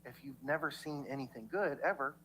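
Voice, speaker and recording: A man's voice: on the high side, fairly quick, fairly bright tone, a little hiss or hum, low-quality recording. A man ranting in a rambling way, stammering through restarts and swearing heavily while he philosophizes at his viewers. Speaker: livestreamer in played clips. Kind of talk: rambling profane rant.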